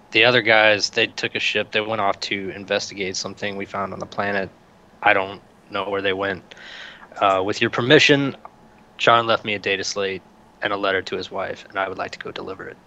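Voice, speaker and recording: A man playing in a tabletop game, talking casually and bluntly. His voice is low, bright and smooth, heard on dull, lo-fi audio. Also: fairly even intonation, moderate pace. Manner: casual, plain-spoken, swears. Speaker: player. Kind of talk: in-character tabletop play.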